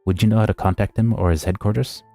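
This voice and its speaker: A man's voice: lowish voice, steady tone, fast, vocal fry, warm tone, no echo, soft background music, voice pushed up. A man voicing a polite, wary undercover corporate agent, speaking with small stumbles.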